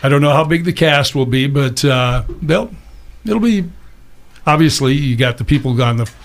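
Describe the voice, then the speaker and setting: A man's voice: mid-range voice, expressive, moderate pace. A man hosting a casual interview, asking rambling friendly questions with plenty of fillers. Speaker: radio talk show host.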